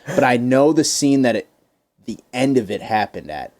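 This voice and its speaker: A man in casual podcast chat, voice at an ordinary middle pitch. He rambles and swears freely, acting out bits of scenes as he goes. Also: normal speed. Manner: rambling, profane, animated retelling of scenes. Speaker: podcast co-host.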